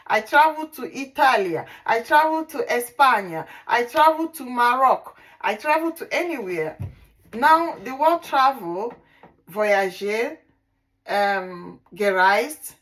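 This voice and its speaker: A woman with a somewhat high voice gives a language lesson at a very unhurried pace. She says each word deliberately and repeats it, pausing on fillers and correcting herself as she goes. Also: a bit bright, rough recording. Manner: slow, deliberate, repeats words for practice; frequent fillers and self-corrections. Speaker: language teacher. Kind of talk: slow spoken language lesson.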